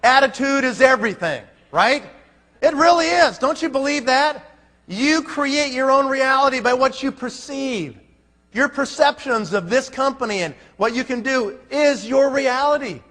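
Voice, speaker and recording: A man's voice: very high-pitched, measured pace, fairly bright tone. Folksy male motivational speaker in a hall. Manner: folksy, punchy, asks the crowd rhetorical questions. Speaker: network marketing leader. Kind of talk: motivational speech to a live audience. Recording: long hall reverb.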